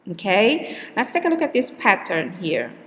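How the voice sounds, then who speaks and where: A woman's voice: medium pitch, wildly swooping pitch, moderate pace, fairly bright tone. A woman teaching an English pronunciation lesson, speaking patiently, checking in with "okay" and repeating words with exaggerated stress. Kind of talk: recorded pronunciation lecture. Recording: long hall reverb.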